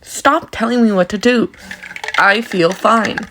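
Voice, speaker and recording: A man's voice: high-pitched, a little slow, background noise. A man reading as a stubborn young woman. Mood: defiant.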